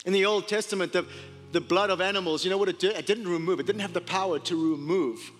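Man, high bright voice, preaching sermon, reverberant hall, soft music behind. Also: fast talker. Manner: impassioned, shifts to hushed tones for quoted scripture. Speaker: pastor.

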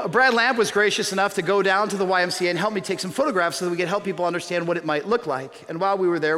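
A man preaching a sermon as pastor, telling stories with self-mocking humor. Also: sits high. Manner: storytelling, animated and self-mocking. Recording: reverberant hall.

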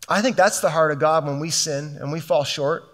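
A man's voice: on the high side, moderate pace, fairly bright tone. A middle-aged man preaching a sermon as a pastor, fervent and conversational, often restarting his sentences.

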